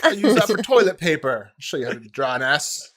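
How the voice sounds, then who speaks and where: A man's voice: fairly high pitch, sing-song, a little fast, a bit bright. An American man doing a put-on English accent as a scornful celebrity chef tearing into bad lettering. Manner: scathing, exaggerated outbursts.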